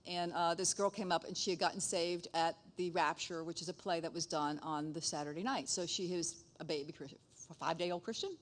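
A middle-aged woman, a nurse, shares a faith testimony in a lively way. She laughs often and acts out the dialogue. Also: on the low side, brisk. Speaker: speaker sharing testimony. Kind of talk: casual testimony storytelling.

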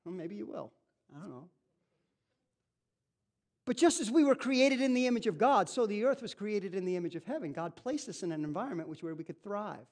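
Guy preaching a sermon, kinda high voice, really animated, keeps repeating stuff for emphasis. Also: a little fast. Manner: animated, repetitive, emphatic preaching with rhetorical questions. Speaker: pastor.

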